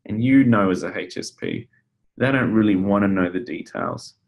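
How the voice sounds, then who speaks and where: A man's voice: on the low side, animated, normal speed, gravelly, a little mellow, lo-fi sound. A man presenting a webinar in a conversational way, a counselor who talks with fillers and restarts. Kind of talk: casual webinar teaching.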